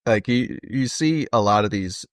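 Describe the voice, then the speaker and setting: A young man co-hosting a podcast, chatting casually about a movie in a relaxed way, thinking aloud with "uh" and "dude.". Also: lowish voice, measured pace, clear, resonant tone, dry recording, studio quality. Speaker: podcast co-host.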